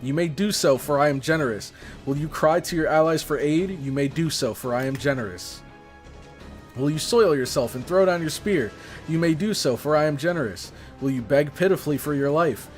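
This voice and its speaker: A man's voice: fairly high pitch, moderate pace, faint music behind, lightly acted. A man reading the lines of a proud, furious female warrior queen in a haughty, mocking tone. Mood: scornful.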